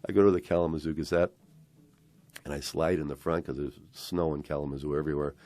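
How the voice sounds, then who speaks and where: Very deep-voiced older man telling a story. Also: steady tone, a little mellow. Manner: acts out quoted voices, halting restarts. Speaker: interview guest telling his story. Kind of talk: emotional personal storytelling.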